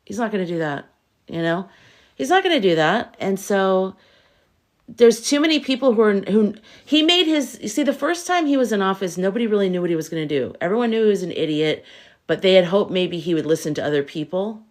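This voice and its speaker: A woman's voice: medium pitch, animated, a little fast, darkish tone. A woman hosting a live stream as a tarot reader, chatting casually, firing off rhetorical questions and answering viewer comments. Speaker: tarot reader and livestream host.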